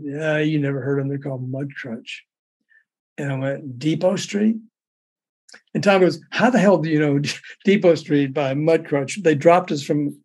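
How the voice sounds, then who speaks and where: A man's voice: on the high side, slightly rough. An older man, raised in Memphis, telling a long rambling anecdote, laughing and restarting as he goes. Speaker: storyteller guest.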